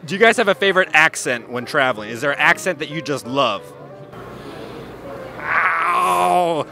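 Bright-voiced man teasing interviewees. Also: a little high, animated, fast talker, soft background music. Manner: playful, teasing questions. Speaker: street interviewer. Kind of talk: casual comic interviews. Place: busy indoor travel expo hall.

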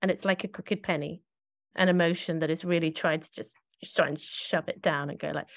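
A woman's voice: low-pitched, fairly even intonation, a little fast, no echo, clean studio sound. A woman co-hosting a podcast, talking in a reflective, searching way and often correcting herself mid-thought. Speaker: podcast co-host.

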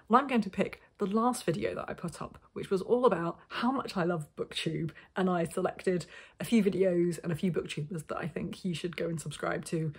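A woman's voice: fairly low pitch, fairly quick, breathy edge. A woman vlogger, perhaps in her thirties, chatting casually about the books she has read, rambling with asides and self-deprecating remarks. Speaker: book vlogger. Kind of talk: casual book chat to camera.

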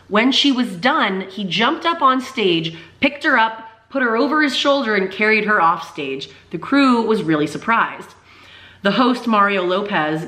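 Chatty young woman with a lowish voice. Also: a bit bright. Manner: chatty, filler-heavy, rambling. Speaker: YouTube vlogger. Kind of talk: casual pop-culture recap chat.

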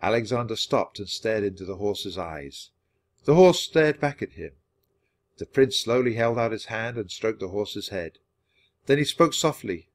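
A man narrating a children's book aloud for language learners, reading clearly and steadily. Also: lowish voice, expressive, unhurried.

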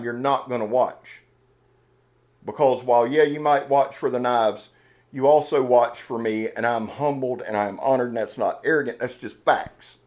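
An excitable man talks through a box of knives in a loose vlog style. He wears his heart on his sleeve, restarting his sentences and rambling as he gets worked up. His voice sits at an ordinary middle pitch. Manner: fired-up, earnest, emotional, rambling with restarts. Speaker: knife channel host. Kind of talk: casual unboxing vlog talk.

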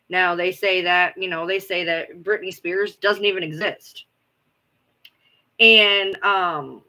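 A woman's voice: lowish voice, pushed and bright. A woman host chatting casually with viewers, rambling, repeating herself and swearing now and then. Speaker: livestream host. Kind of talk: casual chat answering viewers.

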